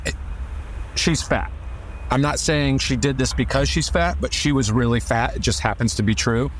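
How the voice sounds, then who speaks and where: A man with an ordinary mid-range voice telling a personal story for a podcast. He gets indignant and often restarts his sentences. Faint noise sits behind him. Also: medium pitch.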